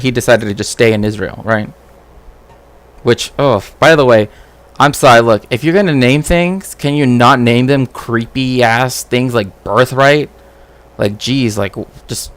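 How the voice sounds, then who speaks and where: A man streaming casual commentary as a cultural historian, rambling with frequent "right?" tags and restarts. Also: medium pitch.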